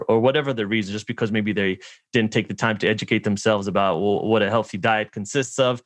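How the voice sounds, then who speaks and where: A man's voice: lowish voice, no echo. A man hosting a podcast interview, chatting casually and agreeably, laughing easily. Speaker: podcast host.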